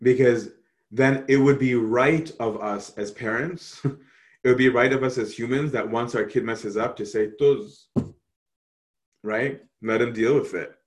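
A man teaching a Bible study, answering questions in an animated way and often checking in with "right?". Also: medium pitch, unhurried.

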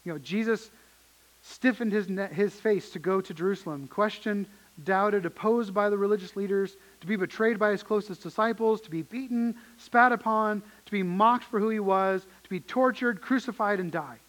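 A man's voice: sits high, normal speed, fairly bright tone, rough recording. A man preaching a sermon as pastor, earnest and emphatic, often repeating his phrases.

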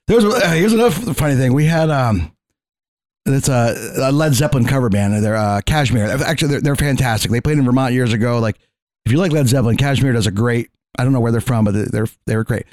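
A man's voice: medium pitch, quick pace, darkish tone, dry recording, clean studio sound. A man on a podcast telling a story in casual chat, acting out the quotes, laughing often and swearing freely. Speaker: podcast co-host; fair security worker.

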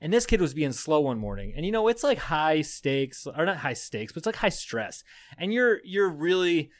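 A young adult man, a podcast co-host, spins a loose, rambling story in casual chat, swearing freely and breaking into laughter. His voice sits somewhat high for a man. It is recorded close and dry, with no room sound. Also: very animated, moderate pace, no room sound.

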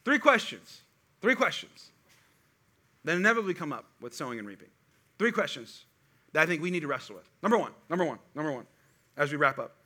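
Male pastor, middle-aged, sermon, high voice, very bright tone, call-and-response. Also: quick pace. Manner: animated preaching with call-and-response.

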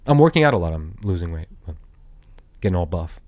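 A young man hosting a podcast delivers an angry, profane, rambling monologue that stays blunt and crude throughout. His very animated, brisk voice jumps from loud, high bursts to low mutters, and he keeps restarting his sentences.

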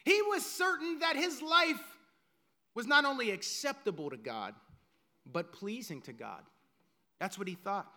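A male pastor preaching a sermon dramatically and emphatically, dropping to hushed lines and then rising to loud ones. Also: very high voice, big pitch swings, a little slow, pauses often.

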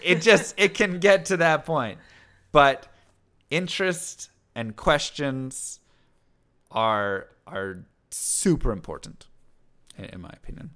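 A man talking in a casual conversation, energetic, often checking in with "right?" and acting out little quoted lines. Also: a little high, slow.

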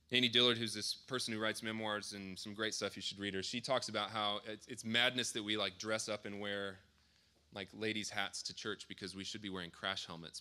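A man in his thirties preaching, his voice very bright and forward. He talks to the congregation casually, slipping in fillers and restating his points as he goes. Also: fairly low pitch. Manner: conversational, with frequent fillers and self-corrections. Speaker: pastor. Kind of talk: sermon.

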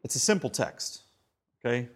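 A man preaching a sermon in an animated, conversational way, with fillers and asides. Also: mid-range voice, moderate pace. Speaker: pastor.

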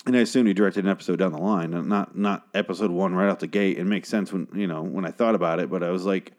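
A man talking in a hushed way late at night at home, casually recapping a TV episode and swearing often. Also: sits low, steady tone, fast. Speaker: show recapper. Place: home at night, a girlfriend asleep in the next room.

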